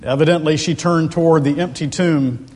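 A man preaching an expository sermon, slow and deliberate, building to impassioned emphasis, in a large church. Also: on the high side, fairly even intonation, a little mellow. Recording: long hall reverb.

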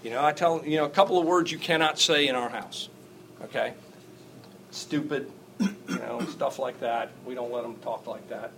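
A middle-aged man leads a church class in a loose, folksy way, full of "uh"s and restarts. He chuckles often and slips into wry, emphatic asides, and his voice sits at an ordinary pitch. A faint hiss of noise runs behind him. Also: normal speed, gravelly, fairly bright tone, poor audio. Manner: rambling and folksy, with many fillers and restarts. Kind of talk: informal teaching talk to a class.

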